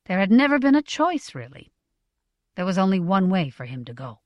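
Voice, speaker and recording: Woman narrating with a lively pitch. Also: no echo, highs cut off. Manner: measured, expressive reading. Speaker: audiobook narrator. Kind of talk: scripted narration.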